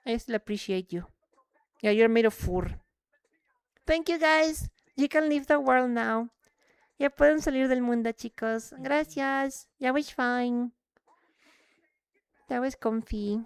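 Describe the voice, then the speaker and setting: Excitable bilingual woman streamer. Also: on the high side, clean tone, no echo. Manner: excitable, switches between English and Spanish. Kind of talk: casual live-stream chat while gaming.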